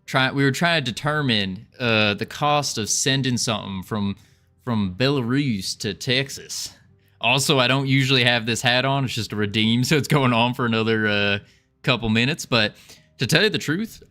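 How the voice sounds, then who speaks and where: A man's voice: mid-range voice, normal speed, bright, forceful tone, faint music behind. A man streaming his game development, chatting casually with a playful, rambling manner and often repeating his own phrases. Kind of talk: casual livestream chat.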